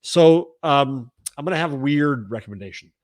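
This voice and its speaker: A man who is a journalism professor, talking as a guest over a video call in a halting way, with many restarts. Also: a little high, animated, dry recording. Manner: halting, full of restarts and fillers. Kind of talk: casual conversation.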